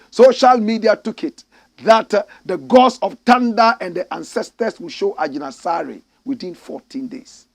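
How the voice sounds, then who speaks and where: A man's voice: a little high, vocal fry, no echo. A man with a Ghanaian accent giving opinionated, sarcastic news commentary, reading stories aloud and jabbing at their subjects.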